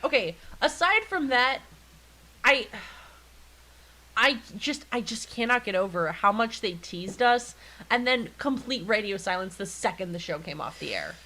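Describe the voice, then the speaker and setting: A woman's voice: on the high side, animated, measured pace, bright, forceful tone, a little hiss or hum, low-quality recording. A woman co-hosting a casual podcast chat, blunt and swearing freely. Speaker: podcast co-host.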